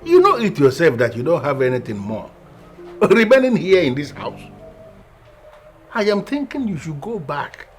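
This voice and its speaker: A man's voice: a little high, huge pitch swings, normal speed, long pauses, soft background music. An actor playing a stern older father who lectures and scolds, with a Nigerian accent. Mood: firm.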